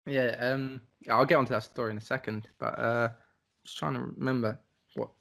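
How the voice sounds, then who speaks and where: A man's voice: mid-range voice, steady tone, brisk, vocal fry, fairly bright tone. A young man, rambling and laughing his way through a casual podcast story, full of fillers and swearing. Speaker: podcast co-host telling a travel story.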